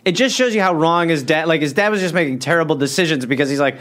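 A man co-hosting a comedy podcast, riffing with quick jokes and sarcastic interjections. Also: on the high side, a bit bright. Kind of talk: casual comedic banter.

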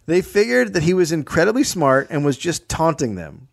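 A man's voice: a little high, very animated, normal speed, gravelly. A man co-hosting a comedy podcast, telling a history story in a dry, matter-of-fact way.

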